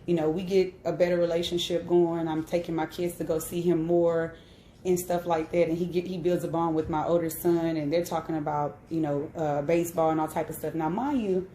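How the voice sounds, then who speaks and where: A woman's voice: low-pitched, little pitch movement, fairly quick, dark tone, echoey room, a little hiss or hum. A woman in her thirties sharing a personal story on a live stream, candid and emphatic, often checking in with "right?". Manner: candid and emphatic, with frequent "right?" tag questions. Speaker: host.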